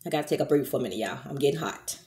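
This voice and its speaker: A woman's voice: a bass voice, animated, rapid-fire, darkish tone. A middle-aged woman vlogger delivering a heated, profane rant to her camera, scolding someone and turning to her viewers as y'all. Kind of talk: angry commentary rant to camera.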